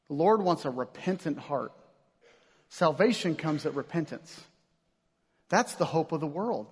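A man's voice: sits high, breathy edge. A man preaching a sermon as pastor, in a casual, conversational way with slang and acted-out asides. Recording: long hall reverb.

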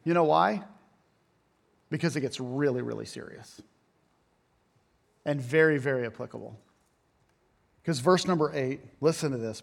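A man in his thirties preaching a sermon, loud and animated, telling stories with self-mocking humor. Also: on the high side, moderate pace, creaky, long pauses. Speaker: pastor. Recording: long hall reverb.

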